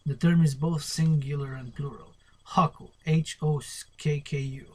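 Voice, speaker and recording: In this solo spoken-word poetry lesson, a man speaks at a normal pace in a fairly high, steady voice. He reads from a poetry glossary, spells out the terms, and makes up experimental poems on the spot, staying playful and trailing off into murmurs.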